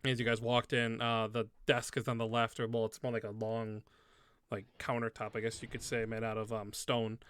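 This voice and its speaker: Man, game master, casual narration, filler-heavy, mid pitch, dry close mic. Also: monotone, normal speed, fairly bright tone, smooth, no echo. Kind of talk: narrating a tabletop game live.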